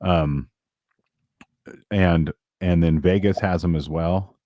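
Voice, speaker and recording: A man's voice: low voice, steady tone, slow, dark tone, no echo. A man talking as a guest on a casual podcast, rambling with many restarts.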